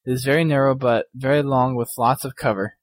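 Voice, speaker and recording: Male co-host, gaming podcast banter, mid pitch, dry close sound, jokey reads. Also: steady tone, a little fast, no echo. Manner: jokey, laughs often. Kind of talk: casual chat, reading listener emails.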